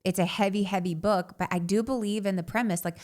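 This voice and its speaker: A woman in her thirties, a podcast co-host, telling a candid personal story in an animated way and saying "like" often. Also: mid-range voice, fairly quick.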